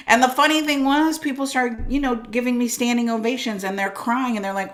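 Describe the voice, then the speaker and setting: A woman guest on a podcast interview, telling her story in an animated way, acting out her own thoughts and swinging between quiet and loud. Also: a little high, a little fast, hardly any pauses. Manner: animated, acts out voices of herself and God, swings loud and soft. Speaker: guest, business coach.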